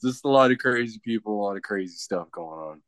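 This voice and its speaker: A man's voice: lowish voice, lively intonation, brisk, a bit bright, no echo. A man from Canada, a wrestler being interviewed, telling a story in a rambling, casual way with many restarts. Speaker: professional wrestler, guest.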